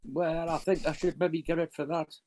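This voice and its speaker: A man playing in a tabletop game, laying out his character's moves in a deliberate, plain-spoken way. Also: on the high side, fairly even intonation, a little mellow, dry recording. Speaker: player. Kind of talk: casual tabletop game chat.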